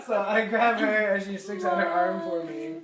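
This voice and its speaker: A man's voice: high-pitched, normal speed, a loud crowd. A man telling a story casually in an easygoing way, chuckling as he goes. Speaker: interviewee. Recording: echoey room, from a distance.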